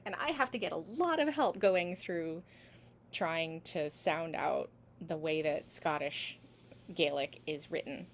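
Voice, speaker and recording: A woman singing teacher talks her online class through pronunciation at an unhurried pace. She sounds out each syllable slowly and patiently over a video call, with a faint hiss of noise underneath. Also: fairly low pitch.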